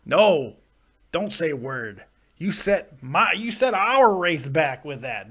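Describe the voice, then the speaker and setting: A man's voice: a little high, sing-song, slow, a bit bright. A man hosting a live show in casual, rambling talk, joking and teasing himself. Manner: rambling, self-deprecating, jokey. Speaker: host.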